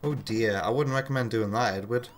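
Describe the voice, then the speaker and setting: A man's voice: mid-range voice, brisk, a little hiss or hum. A man chatting through live gameplay commentary, self-deprecating and answering his chat. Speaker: streamer. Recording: game music behind the voice. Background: game music.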